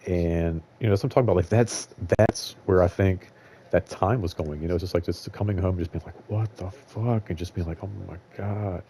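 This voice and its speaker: Casual host: low, mellow-voiced young man, rambling and candid, faint noise behind. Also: fairly even intonation, fast talker. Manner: rambling, filler-heavy, candid and profane. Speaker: show host.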